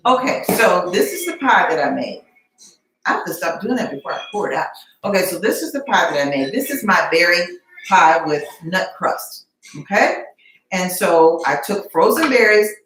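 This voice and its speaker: A woman's voice: medium pitch, fairly bright tone, slight background noise. A middle-aged woman hosting a casual live cooking stream from her home kitchen, teasing and chatting with viewers by name. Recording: echoey kitchen.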